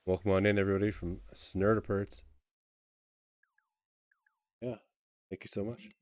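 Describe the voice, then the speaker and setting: A man streaming a game live, chatting with viewers in a relaxed, friendly way and reading game text aloud. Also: low voice, normal speed, no echo. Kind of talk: livestream gameplay commentary and reading.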